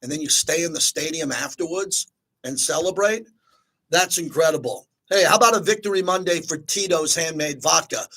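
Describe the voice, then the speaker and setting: A man's voice: fairly high pitch, normal speed, a bit bright, rough recording. A middle-aged man hosting a sports talk radio show, chatty and upbeat, thanking callers and reading sponsor spots.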